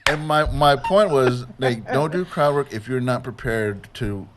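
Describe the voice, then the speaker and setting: A man hosts a casual podcast chat at an ordinary pitch. He retells what happened haltingly and restarts his sentences often. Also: fairly bright tone. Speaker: podcast host.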